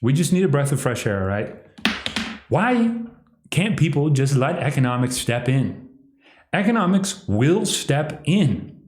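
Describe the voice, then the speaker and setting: A man's voice: mid-range voice, animated, measured pace, darkish tone. A man giving rambling solo commentary on a livestream, sardonic and mocking, sometimes slipping into exaggerated impressions. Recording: echoey room.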